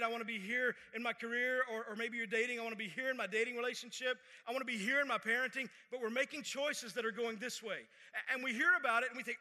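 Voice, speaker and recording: A man with a high, very bright and sharp voice preaches a sermon to a church congregation. He talks in a conversational way, repeating his phrases and dropping to a near hush to make a point. A long reverb trails each phrase. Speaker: pastor. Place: church service.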